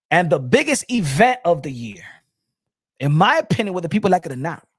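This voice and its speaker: A man casually commenting on boxing. His pitch moves a lot as he rambles and repeats himself. The recording is dry. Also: breathy edge, no room sound. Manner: rambling, repeats points, swears. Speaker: boxing channel host.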